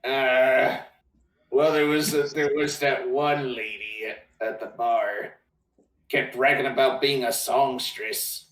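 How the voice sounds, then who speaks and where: A man plays his character in a tabletop game, speaking very slowly and stumbling as he drawls. His voice sounds echoey, as if he is in a bare room on a call. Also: medium pitch, steady tone, a bit bright, recorded from a distance. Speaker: player.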